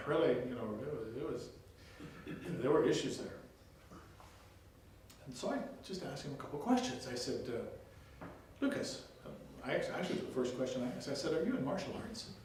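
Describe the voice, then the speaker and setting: An older man giving a music workshop lecture, lively and demonstrative, telling stories and breaking into short sung snippets. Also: medium pitch, moderate pace, long pauses. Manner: lively, demonstrative, tells anecdotes, sings snippets. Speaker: music teacher. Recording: very echoey, distant, faint hiss.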